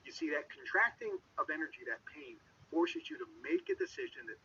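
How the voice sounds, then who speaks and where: A man giving a dramatic motivational talk, swinging between loud emphasis and hushed whispers, with a husky voice. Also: a little high, wildly swooping pitch, fairly quick, a little hiss or hum. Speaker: motivational speaker. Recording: dull lo-fi sound, mic set far off.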